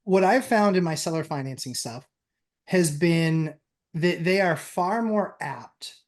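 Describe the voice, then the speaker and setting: A man's voice: a little high, measured pace. A man co-hosting a podcast, casually explaining his points step by step. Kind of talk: casual real estate chat.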